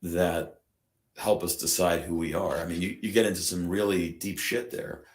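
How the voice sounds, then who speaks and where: A man's voice: deep voice, steady tone, normal speed. A man taking part in a recorded conversational discussion, repeating words as he searches for how to put things.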